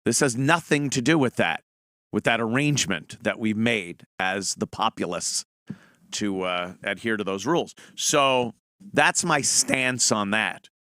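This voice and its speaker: A man's voice: fairly low pitch, expressive, unhurried, bright, forceful tone, no room sound, clean studio sound. A middle-aged man hosting a show, giving a blunt, profane, mocking opinion monologue in casual talk. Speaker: podcast host.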